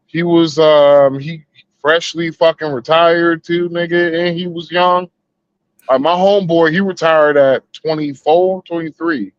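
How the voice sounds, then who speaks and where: A man's voice: on the high side, level tone, unhurried, dry recording, lo-fi sound. Southern man, slangy podcast banter. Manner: laid-back storytelling with slang and profanity. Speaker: podcast co-host. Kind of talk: casual crude banter.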